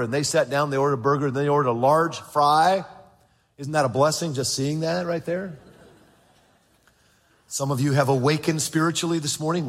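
Man, pastor, sermon, fairly high voice, husky tone, church reverb. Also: a bit bright. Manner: preaching, quoting scripture and acting out voices. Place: church sanctuary. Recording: long reverb of a large church.

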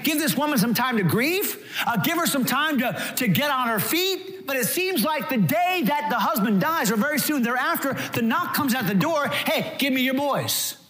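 A male pastor preaching a sermon in an animated way, acting out quotes as he goes. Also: extremely high pitch, moderate pace, few pauses.

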